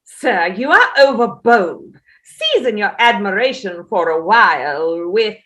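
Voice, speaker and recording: Woman doing a proud bossy old-time queen, slow grand delivery, bright ringing tone, stage reading. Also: mid-range voice, very animated. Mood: haughty. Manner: declamatory, imperious. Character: imperious sleepwalking Tudor queen, haughty, commanding.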